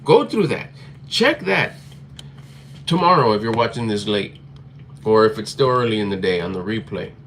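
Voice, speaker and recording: A man with a slightly low voice gives a motivational talk, blunt and emphatic, with plenty of swearing. He repeats his points over and over, and a faint hum of room ambience sits behind him. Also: lively intonation, normal speed, pauses often, a bit bright. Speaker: motivational vlogger.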